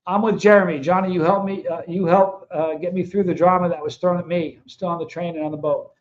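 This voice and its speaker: A man's voice: high voice, steady tone, quick pace. A man hosting his own livestream, talking casually and bluntly to his viewers in a fired-up, confrontational way. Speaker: host of a livestream show. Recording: dull lo-fi sound.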